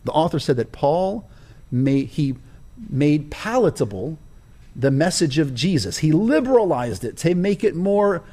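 A slightly high male voice with a dark tone, very animated yet measured in pace. Speaking as an interview guest about his own life, he stresses key words in the cadence of a sermon.

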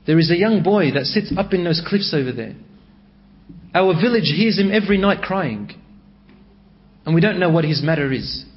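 A man's voice: on the high side, lively intonation, moderate pace, pauses often, close to an everyday voice. A man voicing a plain-spoken village shepherd who talks matter-of-factly, on a dull lo-fi recording.

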